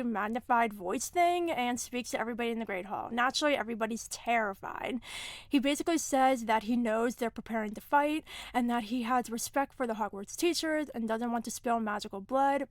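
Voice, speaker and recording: A young woman recaps a book on her podcast in a casual, animated way. Her voice sits a bit high and the sound is close and dry. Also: dry recording. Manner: animated storyteller, acts out quotes. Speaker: podcast co-host.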